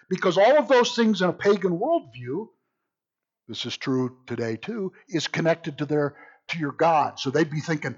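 A man teaching an informal Bible study in an animated, joking way, often repeating words as he thinks. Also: on the high side, normal speed, slightly rough, dull audio.

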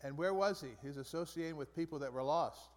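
A man leading a Bible study group in a relaxed, conversational way, often restarting and repeating phrases. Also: a little high, fast. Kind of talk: casual Bible study teaching. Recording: long reverb from a large room.

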